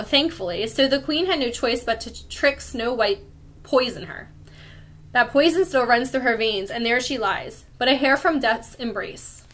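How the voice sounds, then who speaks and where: A woman's voice: a little high, fairly bright tone. A woman voicing a grave, firm rebel swordswoman in a storybook read-aloud. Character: stern sword-carrying woman rebel warrior.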